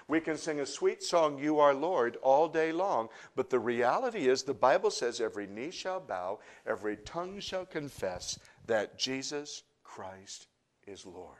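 A man's voice: mid-range voice, lively intonation, measured pace. Impassioned male pastor preaching. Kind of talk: sermon.

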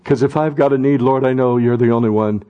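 A middle-aged man preaching a sermon as pastor, talking conversationally and then rising to loud impassioned cries. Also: medium pitch, fairly even intonation, fast talker, highs cut off.

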